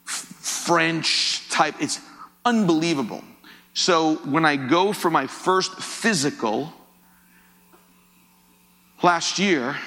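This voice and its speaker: A middle-aged man preaching a sermon, telling funny stories and acting out both sides of a conversation. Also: medium pitch. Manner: animated, jokey, acts out dialogue. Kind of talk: sermon with humorous storytelling. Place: large hall with audience. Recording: live hall with long reverb.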